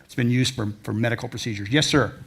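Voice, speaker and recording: Gravelly and husky yet fairly bright in tone, this older man's mid-range voice moves at a quick pace. He is an adventure travel speaker in a lecture hall, telling an audience rambling, folksy tales from his travels.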